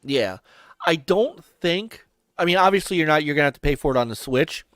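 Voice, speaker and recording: Man, podcast host, casual gaming chat, a touch high, dry close sound. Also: lively intonation, a little fast, a bit bright, dry recording. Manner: chatty, restarts and laughs while talking.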